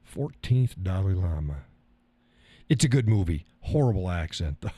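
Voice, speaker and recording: The recording has no room sound, capturing a man whose voice sits low, dark and breathy, expressive but at a normal speed. Middle-aged and hosting a stream, he rambles through comments from his chat, cursing casually and chuckling plenty.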